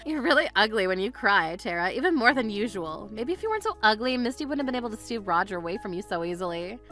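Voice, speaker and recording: A woman plays a mocking mean-girl sidekick in an animated storybook, taunting with a bright and lively voice. She puts a cutting edge on each line. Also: medium pitch, quick pace, soft background music, pitched below the performer's own voice.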